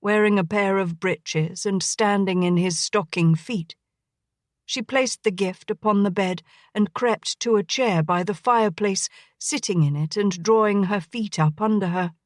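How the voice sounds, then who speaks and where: A woman reading a historical romance audiobook as narrator, in an even, gentle manner on a close studio mic. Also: medium pitch, unhurried, dry recording. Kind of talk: scripted narration.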